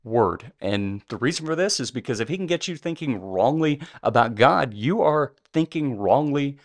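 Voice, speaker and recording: A man's voice: medium pitch, animated, moderate pace. A man co-hosting a Bible teaching podcast, speaking earnestly and often restarting his sentences. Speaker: podcast co-host.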